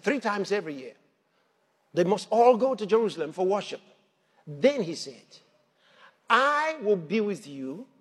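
A man preaching a sermon, animated, laughing between points and rising to shouts at the peaks. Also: high voice, breathy edge. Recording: long hall reverb.

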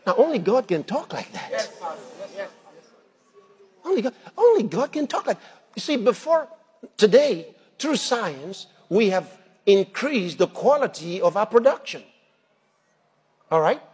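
A man preaching a sermon, animated, laughing between points and rising to shouts at the peaks. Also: high voice, slow, long pauses, slightly rough. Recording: long hall reverb.

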